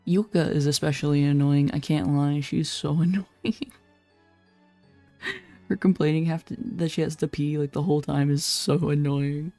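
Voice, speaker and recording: Low, mellow-voiced woman streamer. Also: steady tone, moderate pace, no room sound, soft background music. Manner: blunt, swears, laughs often. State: slightly hoarse. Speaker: VTuber streamer. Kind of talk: casual gameplay commentary.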